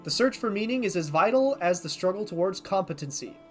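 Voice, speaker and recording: A streamer playing a game for the first time, reading the on-screen text aloud and thinking out loud, sometimes tripping over unfamiliar words. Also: mid-range voice, animated, brisk, soft background music. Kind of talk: casual let's-play commentary.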